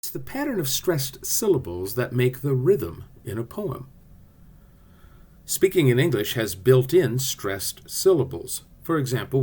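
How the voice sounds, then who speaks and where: In a class video, a man with a mid-range, slightly breathy voice explains poetic rhythm playfully. His teaching voice is lively, and he sings out the rhythm syllables to sound out the beats.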